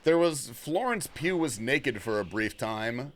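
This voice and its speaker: A young man chats loosely on his gaming livestream, slangy and quick to swear. His voice is middle-pitched but swings up and down a lot as he talks. He reacts to viewers' messages in a relaxed, offhand way. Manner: laid-back, slangy and profane, reading and answering chat. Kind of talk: casual gaming livestream chat.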